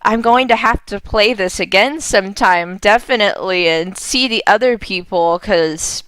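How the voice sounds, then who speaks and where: A woman gaming creator talking casually and excitedly to her viewers. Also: mid-range voice, normal speed, smooth, no room sound. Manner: excitable, gushing. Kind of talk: casual let's play commentary.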